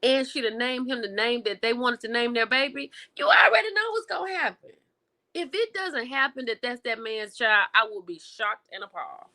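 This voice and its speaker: Bright, animated woman chatting with viewers. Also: fairly high pitch, moderate pace. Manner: animated and expressive, with exclamations; talks to viewers directly, reading and answering chat. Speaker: livestream host reviewing TV and film. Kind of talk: casual chat with viewers.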